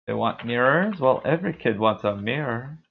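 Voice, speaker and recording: A man's voice: medium pitch, lively intonation, normal speed, creaky, husky. A man streaming a game, rambling casually and poking fun at his own voice. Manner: rambling, self-deprecating. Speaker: gaming streamer. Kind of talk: casual gameplay commentary. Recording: tinny phone-like sound.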